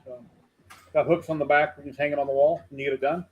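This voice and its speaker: Fast-talking man explaining gear. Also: fairly high pitch, little pitch movement, slightly rough, phone-quality sound. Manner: matter-of-fact product explainer. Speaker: guest reviewing a printer. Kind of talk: casual chat.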